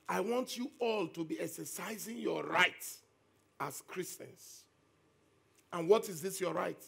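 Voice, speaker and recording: Gravelly pastor preaching. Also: male voice, high-pitched, measured pace, a bit bright. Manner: emphatic preaching with repeated phrases. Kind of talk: sermon.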